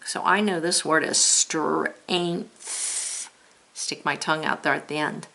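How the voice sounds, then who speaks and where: A woman teacher runs a spelling lesson, sounding out letters and words step by step and gently guiding the viewer through each task. Her voice is low-pitched, steady, slow and gravelly.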